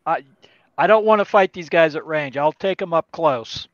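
A man with a fairly high voice plays a tabletop game and keeps asking the game master rules questions. His mic sounds dull and lo-fi, with no room sound at all. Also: no echo. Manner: questioning, quick to agree. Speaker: player. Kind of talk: casual tabletop game chat.

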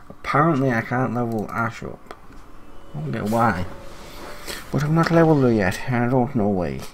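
A young man chatting casually as he commentates his own online game, self-critical and excitable at times. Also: lowish voice, vocal fry, slight background noise. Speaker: gaming commentator.

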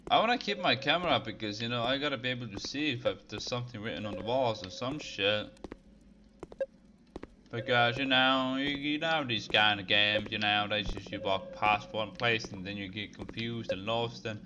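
A young man giving let's play commentary, excitable and swearing, with sudden yelps and shouts. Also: lowish voice, lo-fi sound, background noise. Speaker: gaming video creator. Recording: game music loud behind voice. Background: game music.

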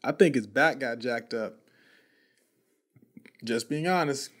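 A man's voice: mid-range voice, slow pace, fairly bright tone. A male podcast host telling a story in casual, slangy talk, often repeating and restarting words.

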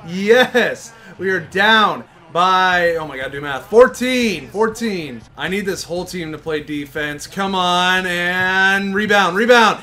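A young man hosting a gaming video, giving excitable live commentary on his own play, shouting at big moments and groaning at misses. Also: high voice, slow pace, hardly any pauses.

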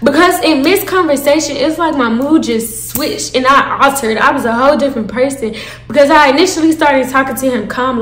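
A young woman telling a storytime to her viewers, animated and profane, calling them y'all. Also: sits high, brisk, roomy sound. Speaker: storytime vlogger. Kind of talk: casual storytime.

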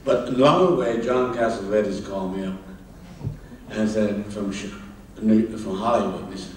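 An older man from Kansas, a film director and author, tells anecdotes on stage in a halting way, repeating words and acting out the people in his dialogue. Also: medium pitch. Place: large hall at a public event. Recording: echoey hall, distant mic, faint noise.

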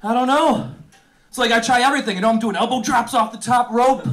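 A man in his thirties working a comedy crowd with a notably high voice. He rattles through loose, self-mocking bits, swearing freely as he spins each story. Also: fast talker, a bit bright. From Buffalo, New York. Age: 30s. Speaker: stand-up comedian. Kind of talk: stand-up comedy set. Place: comedy venue with live audience.

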